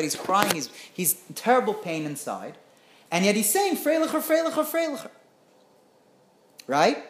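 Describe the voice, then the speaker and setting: A woman teaching through a story in an animated way, often checking in with her listeners. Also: on the low side. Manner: animated, often asks "right?". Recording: roomy echo.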